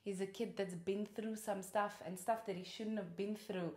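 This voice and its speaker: A woman's voice: medium pitch, steady tone, moderate pace, a little mellow. A young woman, an actress, hosting a casual chat about films she recommends, gushing and laughing often. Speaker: host and actress. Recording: roomy echo.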